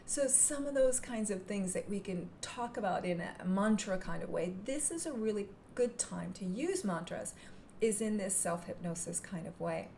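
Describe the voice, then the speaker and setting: A woman teaching hypnotherapy technique in a calm, gentle manner, sometimes dropping into a soft whisper. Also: medium pitch, normal speed, slight background noise. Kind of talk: instructional talk to camera.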